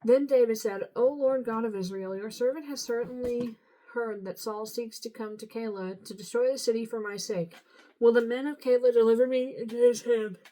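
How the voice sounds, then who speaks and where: A woman's voice: a little high, normal speed, mellow, poor audio. A woman reading scripture aloud in a casual, unpolished way, tripping over hard names. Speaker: Bible reader.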